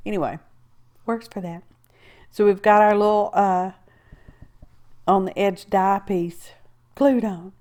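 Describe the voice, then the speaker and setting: A woman's voice: medium pitch, slow pace, long pauses, a little mellow. A woman, chatting her way through a crafting tutorial, rambling with asides and talking to herself as she works. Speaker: craft video host. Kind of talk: casual crafting tutorial narration.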